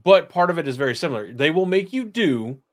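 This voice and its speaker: A man's voice: fairly high pitch, sing-song, fast talker. A man co-hosting a podcast in casual chat, crude, joking and frank. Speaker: podcast co-host.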